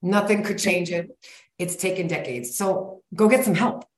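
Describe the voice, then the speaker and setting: A woman in her forties, a guest coach speaking in a blunt, energetic, folksy way in a casual interview. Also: on the low side, normal speed. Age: 40s. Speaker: guest, sugar-cravings coach. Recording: roomy echo.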